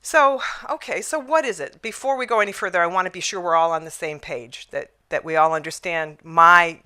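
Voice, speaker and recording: Bright-voiced woman giving a reflective talk. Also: lowish voice, fairly quick, smooth. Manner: reflective, storytelling, frequent restarts and fillers. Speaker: conflict resolution speaker. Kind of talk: conference talk.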